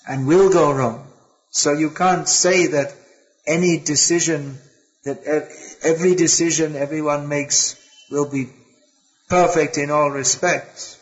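A man lectures on spiritual life with a slightly high voice. He halts often, starting phrases over before finishing them. The recording sounds dull and lo-fi. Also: steady tone, a little slow. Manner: hesitant, with many restarts and fillers. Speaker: spiritual teacher.

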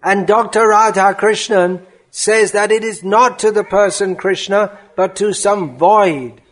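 A man voicing an elderly male guru who is furious and scolds forcefully, rising to shouts. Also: sits high, unhurried.

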